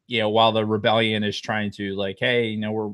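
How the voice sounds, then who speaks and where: A man's voice: on the low side, flat delivery, a little fast, fairly bright tone, no room sound, studio quality. A man co-hosting a podcast, chatting casually in a rambling, profane, jokey way. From New Jersey. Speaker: podcast co-host. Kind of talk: casual chat.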